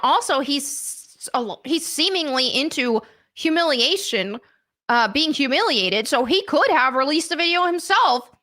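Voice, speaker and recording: A woman's voice: high voice, bright, forceful tone. A woman hosting a casual livestream and reading chat, blunt and indignant, with lots of fillers. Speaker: livestream host.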